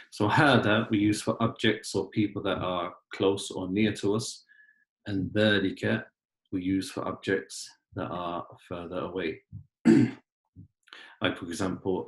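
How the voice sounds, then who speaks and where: A man teaching a class, patiently explaining words step by step and often clearing his throat. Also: deep voice, roomy sound. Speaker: Arabic teacher. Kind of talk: online class lesson.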